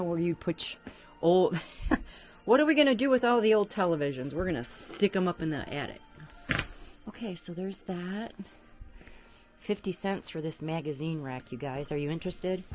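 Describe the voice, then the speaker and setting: A woman vlogger narrating as she explores an abandoned farmhouse attic, chatty and exclaiming at creaking floors, recorded on a handheld camera. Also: lowish voice, a little mellow.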